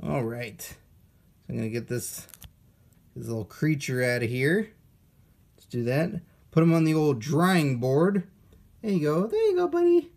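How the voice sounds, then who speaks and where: A man's voice: medium pitch, a little slow, gravelly, long pauses, darkish tone. A man hosting a toy unboxing, chatting casually with playful jokes and asides. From United States.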